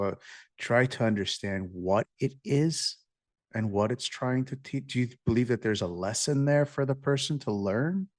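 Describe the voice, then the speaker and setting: A man's voice: fairly low pitch, no room sound, studio quality. A man hosting a casual interview, laid-back and joking as he asks open questions. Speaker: podcast host.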